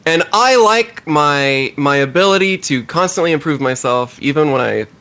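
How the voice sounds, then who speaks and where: A male podcast co-host chatting casually with his bandmates. His pitch jumps around freely and he laughs often, breaking off and restarting his sentences as he goes. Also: lively intonation, moderate pace, pushed and bright. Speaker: podcast co-host, band member. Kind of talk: casual chat.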